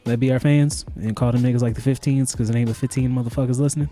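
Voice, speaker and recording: A podcast co-host chats casually, joking and cursing freely in an animated, fast, medium-pitched male voice. Faint music plays behind him.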